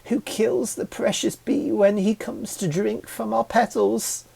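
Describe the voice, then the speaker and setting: A man's voice: high-pitched, little pitch movement, unhurried, gravelly, dark tone, breathy edge, voice pushed up, full character voice. A man reading a storybook and voicing an overdramatic rose flower with a swooning, theatrical delivery.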